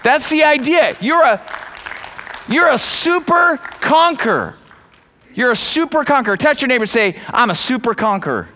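A male preacher delivering a sermon with a bright, high voice. He talks emphatically, hammering key phrases again and again and calling out to the congregation. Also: animated, moderate pace, a faint crowd. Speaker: pastor.

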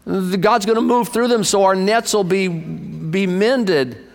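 A man in his sixties preaching a sermon to his church, impassioned, swinging from loud bursts to hushed low asides. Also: a little slow, gravelly. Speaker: pastor. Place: church sanctuary. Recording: long reverb of a church hall.

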